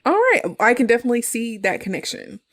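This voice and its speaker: A woman co-hosts a relaxed film review podcast. She retells the plot with lively energy and laughs easily. Her talk is casual and conversational. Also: a little high. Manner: animated retelling, quick laughs. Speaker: podcast co-host. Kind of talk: casual movie review chat.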